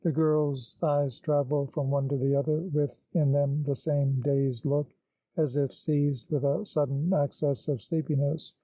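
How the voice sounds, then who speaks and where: Dark-voiced male audiobook narrator. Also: a little high, little pitch movement, no echo, low-quality recording. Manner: measured, literary storytelling.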